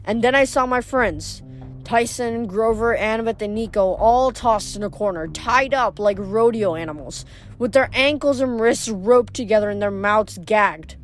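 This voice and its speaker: A woman reading a novel aloud in steady first-person narration, with small restarts. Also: mid-range voice, normal speed, soft background music. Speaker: audiobook reader.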